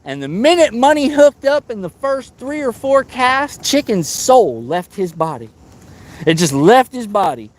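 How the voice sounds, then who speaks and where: A man hosting a live fishing stream, chatting casually and excitably, teasing friends and whooping. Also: very high-pitched, measured pace. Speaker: fishing livestream host.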